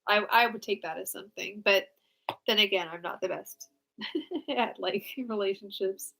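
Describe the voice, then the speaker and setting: A woman's voice: mid-range voice, normal speed, gravelly, fairly bright tone. A young woman giving casual live tarot readings, answering viewers in a frank, chatty way with lots of fillers and restarts. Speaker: tarot reader.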